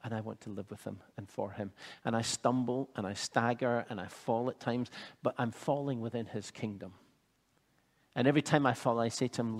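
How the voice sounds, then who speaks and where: A man preaching a sermon, measured and earnest, building to fervent emphasis. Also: mid-range voice, fairly even intonation, in a large hall.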